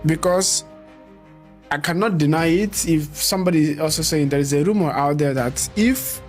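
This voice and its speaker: Nigerian male host, fast and argumentative, a little high, faint music behind. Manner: animated, argumentative, fast-talking. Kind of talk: casual political discussion.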